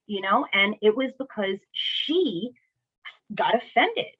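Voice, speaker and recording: A woman's voice: medium pitch, expressive, takes it slowly, husky. A woman candidly talking through her own experiences in a reflective personal vlog, often checking in with "right?" and "you know?". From New Jersey. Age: adult, a single mother. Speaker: vlogger sharing personal experience. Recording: tinny phone-like audio.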